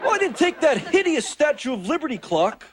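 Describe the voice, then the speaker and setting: A man's voice: very high voice, very animated, brisk, very noisy. A man voicing a wisecracking furry male alien houseguest in a 1980s sitcom, making glib, cheeky excuses, heard in a TV clip with a laugh track.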